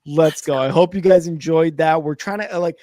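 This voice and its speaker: A man's voice: fairly high pitch, brisk, mellow, no echo. An upbeat man hosts a sports podcast with a slightly raised voice. He speaks close to the mic, and the room sound is dry. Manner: upbeat, enthusiastic sign-off. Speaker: podcast host. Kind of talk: casual sports chat.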